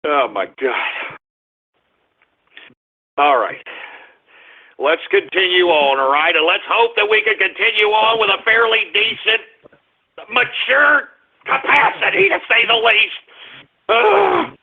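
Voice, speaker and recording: A man hosting a call-in radio show rants at his callers in a high, gravelly voice with a husky edge. He bellows and sneers. The sound is thin and phone-like. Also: expressive, takes it slowly, pauses often. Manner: loud, blustering, taunting callers. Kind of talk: ranting call-in radio talk. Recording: phone-quality lo-fi broadcast audio.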